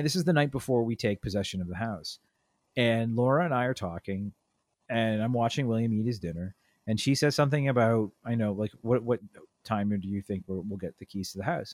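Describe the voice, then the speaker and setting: A man's voice: fairly low pitch, a little mellow, no echo. A man in his thirties chatting casually on a podcast, telling a story and acting out the quoted lines with big jumps in his voice. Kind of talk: casual chat.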